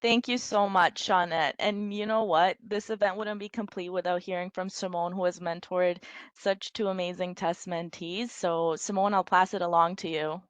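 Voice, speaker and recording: Friendly woman moderator with a smooth voice. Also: lowish voice, fairly even intonation, moderate pace, dry recording. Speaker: event moderator. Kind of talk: hosting a ceremony.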